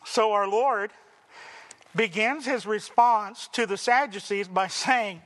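A man's voice: high-pitched, slow, fairly bright tone. A man preaching a sermon as pastor, emphatic, with rhetorical questions and building lists.

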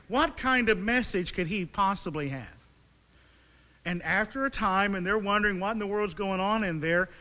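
A man preaching a sermon, reading scripture aloud and then retelling it as vivid storytelling with rhetorical questions and dramatic pauses. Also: high-pitched, sharp tone. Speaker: pastor. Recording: long reverb of a large hall.

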